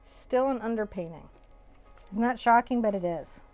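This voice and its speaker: A woman's voice: on the high side, moderate pace, a little mellow, soft background music. A woman giving a live painting tutorial, chatty and jokey, often laughing as she works. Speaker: painting instructor.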